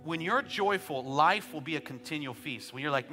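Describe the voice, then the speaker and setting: A man in his thirties preaching a sermon as pastor, telling joking family stories and building to shouted calls for praise. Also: a little high, normal speed, in a large hall, faint music behind. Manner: joking asides, conversational storytelling.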